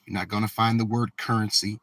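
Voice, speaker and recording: A man hosting a live stream from a vehicle, talking to his chat in a slow, emphatic, preachy way and dragging out key words. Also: lowish voice, flat delivery, fairly bright tone, no echo. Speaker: livestream host.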